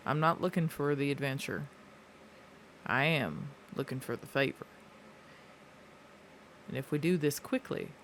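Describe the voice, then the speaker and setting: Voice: mid-range voice, creaky. A terse mercenary who cares only about the reward, voiced by a tabletop player. The delivery is blunt and businesslike, and faint background noise sits under the voice.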